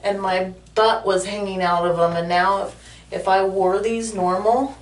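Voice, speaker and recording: A woman's voice: mid-range voice, steady tone, unhurried, distant mic, slight background noise. A woman talking to her viewers in a casual vlog from her bathroom, emotional and heartfelt. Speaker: vlogger. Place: home bathroom. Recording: echoey room, voice a bit off-mic.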